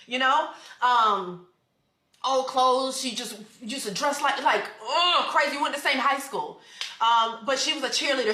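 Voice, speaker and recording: Fast-talking bright-voiced woman vlogger. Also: high voice, reverberant. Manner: rambling, chatty, with many fillers. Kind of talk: casual storytime chat. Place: at home.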